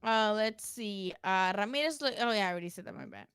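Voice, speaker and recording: A woman's voice: medium pitch, lively intonation, brisk, a bit bright, smooth, dry recording. A woman hosting a casual post-fight livestream, talking bluntly and profanely while answering her chat. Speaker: boxing livestream host.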